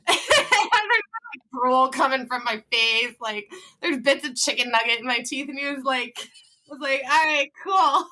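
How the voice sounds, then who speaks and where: A woman's voice: high voice, a little slow. A young woman in her twenties, a podcast guest telling a funny story in casual chat, laughing often and acting out what people said. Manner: animated, laughing often, acts out quotes.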